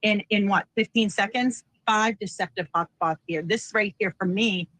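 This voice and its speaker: Brief: energetic woman analyst, punchy teaching delivery, dry close sound. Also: mid-range voice, moderate pace, dry recording, poor audio. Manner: animated, emphatic, teacherly. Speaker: deception analyst. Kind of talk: expert commentary on a panel.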